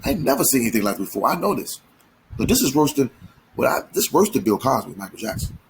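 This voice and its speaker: A man's voice: mid-range voice, sing-song, fast talker, vocal fry, slight background noise, rough recording. A man giving an emphatic, slangy commentary monologue, full of repeats and restarts. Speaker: commentary channel host.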